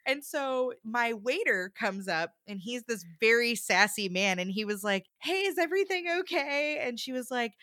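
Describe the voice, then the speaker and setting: Bright-voiced woman telling a story. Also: fairly high pitch, normal speed, few pauses, dry recording, clean studio sound. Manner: animated, acts out quoted voices. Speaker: podcast co-host. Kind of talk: casual storytelling.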